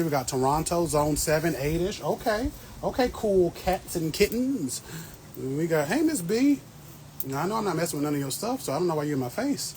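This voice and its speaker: A man's voice: medium pitch, darkish tone, a little hiss or hum, rough recording. Thirties male host, chatty and playful, talking to live viewers from his garden over a phone, faint background ambience. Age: 30s. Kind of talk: casual live-stream chat. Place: outdoor garden beds. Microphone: phone livestream.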